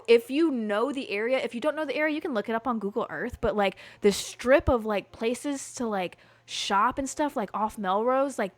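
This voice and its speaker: A young woman hosting a podcast, telling a story in casual chat, animated, full of fillers and swearing. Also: on the high side, no room sound. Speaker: podcast host. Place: Los Angeles.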